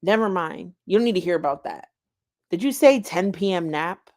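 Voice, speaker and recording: A woman's voice: fairly low pitch, expressive, normal speed, darkish tone, lightly acted. A woman voicing a patient but exasperated man who talks in a weary, matter-of-fact way.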